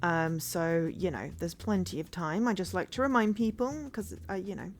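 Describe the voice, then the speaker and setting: A woman's voice: on the low side, normal speed, a little hiss or hum. A woman streamer chatting casually and rambling as she plays a game, laughing easily. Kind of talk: casual let's-play commentary.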